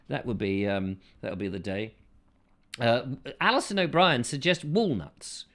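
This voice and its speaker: Playful man with a bright, lively voice. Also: normal speed. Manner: playful, silly asides and sudden falsetto bursts. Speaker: host reading viewer comments. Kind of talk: casual rambling chat.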